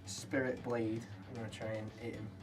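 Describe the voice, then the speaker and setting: A man playing a tabletop game, talking in a halting way with many fillers. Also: mid-range voice, flat delivery, over music. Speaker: player. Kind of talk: casual tabletop game play. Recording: distant from the mic.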